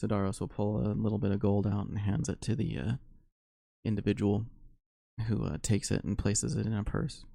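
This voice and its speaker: A man narrating a solo tabletop game as game master, unhurried and full of fillers. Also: fairly low pitch, fairly even intonation, creaky, mellow, no echo.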